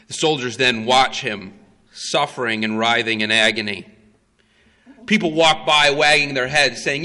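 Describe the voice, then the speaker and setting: A man preaching a sermon, telling the story slowly and with emphasis, with frequent "uh" fillers. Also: medium pitch, bright, forceful tone. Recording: long hall reverb.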